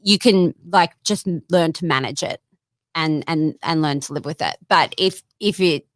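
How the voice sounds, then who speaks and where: A woman's voice: deep voice, normal speed, no room sound. A young woman guest talking casually in a studio interview, chatty with lots of fillers and laughs.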